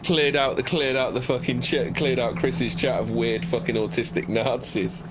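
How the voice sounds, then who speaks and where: A man's voice: mid-range voice, steady tone, normal speed, noisy background. A man on a stream call, swearing freely, mocking others and laughing often in crude banter.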